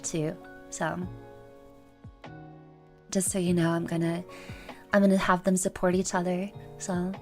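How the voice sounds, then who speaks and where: A young woman streaming as a VTuber, chatting casually with her viewers in a playful, rambling way. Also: medium pitch. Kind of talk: casual livestream chat with viewers. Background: faint background music.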